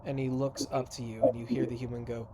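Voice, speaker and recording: Man, game master, mid-pitched, relaxed descriptive narration, noisy background. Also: fast.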